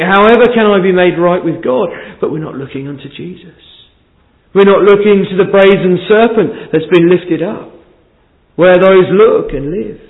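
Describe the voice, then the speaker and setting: Earnest preacher on a tinny recording. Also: male voice, a little high. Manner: earnest, pleading questions to the congregation; reads scripture in old-fashioned wording. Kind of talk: evening sermon. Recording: tinny narrow-band sermon recording.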